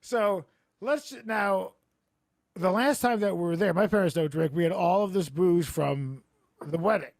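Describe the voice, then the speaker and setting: Male comedy podcast host: slightly high, gravelly voice, dry close mic, rambling deadpan storyteller on a video call. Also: unhurried, dry recording. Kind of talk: casual comedic chat. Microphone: remote video call.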